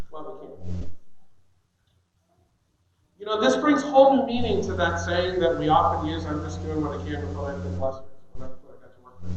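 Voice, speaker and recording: A middle-aged pastor delivering an animated sermon, acting out children's whiny excuses. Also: male voice, sits high, a little hiss or hum. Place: church sanctuary. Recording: echoey church sanctuary, dull sound.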